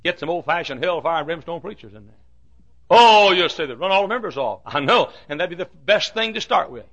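A man preaching a fiery sermon, swinging from shouts to hushed asides. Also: on the high side, animated, brisk, lo-fi sound. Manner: fiery preaching with sudden shouts and drops to quiet. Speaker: pastor.

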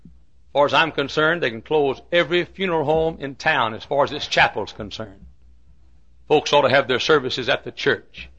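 A man preaching a fiery sermon, swinging from shouts to hushed asides. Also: medium pitch, moderate pace, muffled recording. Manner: fiery preaching with sudden shouts and drops to quiet. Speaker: pastor.

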